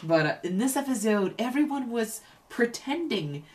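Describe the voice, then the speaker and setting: A woman's voice: fairly high pitch, very animated, normal speed, a little mellow. Woman musing over a TV episode. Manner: thoughtful, restarts sentences often. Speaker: reaction channel co-host. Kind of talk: casual reaction chat.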